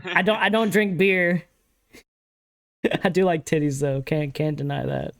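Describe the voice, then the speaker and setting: Joking American podcast host, smooth voice. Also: male voice, a little high, expressive. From Alabama, USA. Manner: joking, loud laughs, quick asides. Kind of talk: casual livestream chat.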